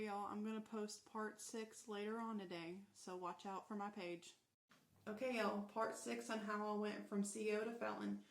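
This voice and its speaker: A woman, a former corrections officer, recounting her own story in the first person and quoting the dialogue matter-of-factly. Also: medium pitch. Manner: matter-of-fact retelling with quoted dialogue.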